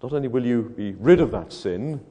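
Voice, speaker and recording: A man delivers an evangelistic sermon with a very animated pitch, rising and falling as he presses one rhetorical question after another. His delivery swings between hushed lows and loud, emphatic peaks. The voice rings with the long reverb of a large hall. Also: fairly quick. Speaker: preacher. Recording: echoey hall.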